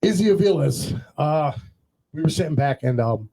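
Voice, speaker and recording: A man's voice: a little high, lively intonation, moderate pace, gravelly, warm tone, breathy edge, low-quality recording. A man hosting a casual podcast, telling rambling stories and acting out what others said. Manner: rambling anecdotal storytelling, quotes others in dialogue. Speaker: podcast host.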